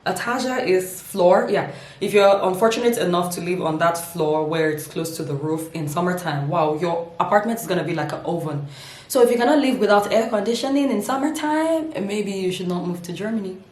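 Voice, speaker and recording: A woman's voice: fairly low pitch, lively intonation, a little fast, a little mellow, roomy sound. Playful, laughing woman vlogger. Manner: playful, laughs often, dramatic emphasis. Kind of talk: humorous casual vlog.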